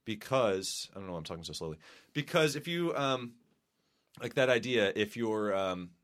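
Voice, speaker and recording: A man's voice: lowish voice, animated, fairly quick, a bit bright. A man co-hosting a podcast in casual chat, rambling and thinking aloud with many restarts, in a small room with sound panels. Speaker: podcast co-host.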